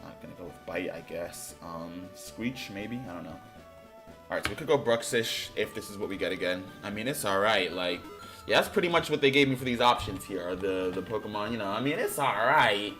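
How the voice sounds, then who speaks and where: A man streaming a game, thinking out loud in a loose, rambling way and now and then bursting into loud excitement. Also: lowish voice, fairly quick, soft background music. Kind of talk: casual game commentary.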